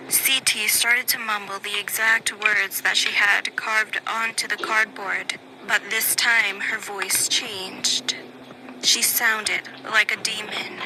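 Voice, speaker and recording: Woman, very bright voice, hushed half-whispered narration, spooky story, faint background hiss. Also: mid-range voice, poor audio. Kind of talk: first-person scary story narration.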